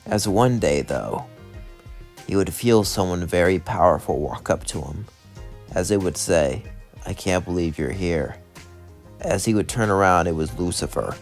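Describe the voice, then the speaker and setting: A man with a lowish voice narrates a fan-made what-if story in a casual, rambling manner. He strings clause after clause together loosely, over faint background music. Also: expressive, moderate pace.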